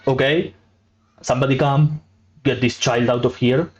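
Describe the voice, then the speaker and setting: A man's voice: medium pitch, steady tone, moderate pace, close to an everyday voice. A man voicing a dismissive male merchant in a tabletop game. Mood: pleading. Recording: muffled lo-fi audio.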